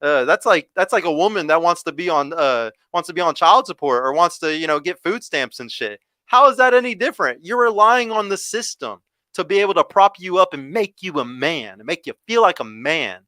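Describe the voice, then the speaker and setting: A man's voice: a little high, expressive, fairly quick, sharp tone, dry recording. A young man, hosting a podcast livestream and ranting heatedly, stumbling over and repeating his words. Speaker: podcast host.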